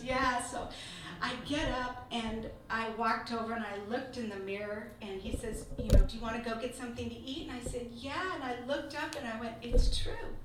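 A woman teaching a Bible study, telling personal stories in a lively, laughing way. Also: on the high side. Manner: lively storytelling, laughing through anecdotes. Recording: echoey room from far off, noisy.

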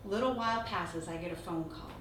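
Female Bible teacher, animated storyteller, distant mic in an echoing, noisy room. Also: on the low side, fairly quick. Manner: lively storytelling, laughing through anecdotes. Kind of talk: Bible teaching talk with personal stories. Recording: echoey room from far off, noisy.

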